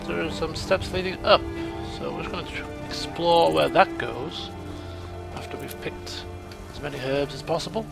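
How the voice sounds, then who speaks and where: A man narrating his game as he plays, chatty and self-mocking, with a voice pitched a little on the high side. His tone carries a gravelly edge. Game music plays clearly underneath. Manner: chatty and self-mocking, excitable during fights. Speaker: let's play gamer. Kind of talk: casual game commentary.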